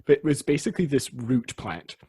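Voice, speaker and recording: A man with a slightly husky, mid-pitched voice talks through history on a podcast. His delivery is chatty and explanatory, and his sentences often trail off and restart. The sound is dry and close to the mic. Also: big pitch swings, fairly quick, mellow, dry recording. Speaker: podcast host. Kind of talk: casual history podcast chat.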